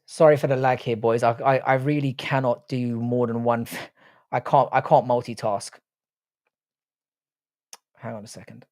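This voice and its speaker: A man's voice: medium pitch, little pitch movement, normal speed, a little mellow, dry recording, studio quality. A man hosting a live stream in casual chat, swearing freely and bantering with his viewers.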